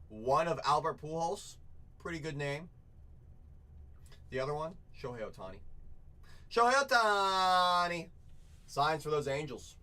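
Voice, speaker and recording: Brief: a man as a hyped card-break host, bright forceful voice, slightly high pitch, repeats his lines. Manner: excitable, repeats phrases, chats with viewers. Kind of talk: hyped live sales patter.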